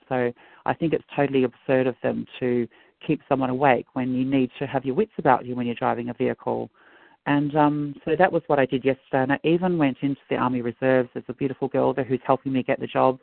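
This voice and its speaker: A man's voice: medium pitch, steady tone, fairly quick, creaky, no room sound. A middle-aged man giving a rambling, earnest, agitated personal account over a phone line. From Australia. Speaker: guest. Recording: dry tinny phone-like line.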